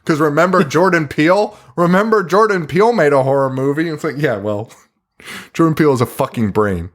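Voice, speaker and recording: A man's voice: on the high side, a little fast. A man co-hosting a podcast, casually recapping a film scene by scene, swearing often and laughing in disbelief. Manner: profane, laughing, incredulous recapping. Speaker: podcast co-host. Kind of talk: casual movie review chat.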